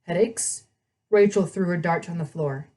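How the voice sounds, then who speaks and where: A woman hosting a read-aloud, reading a novel with chatty asides and quick self-corrections. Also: medium pitch.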